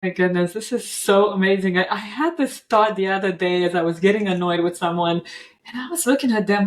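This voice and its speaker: A woman's voice: medium pitch, fast. Reflective woman podcast host. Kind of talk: casual interview talk.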